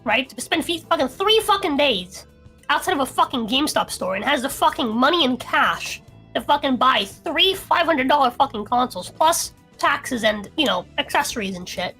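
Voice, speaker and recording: A woman's voice: high-pitched, animated, moderate pace, pushed and bright, soft background music. A young woman, drunk and swearing heavily, ranting on a casual streamed podcast as co-host.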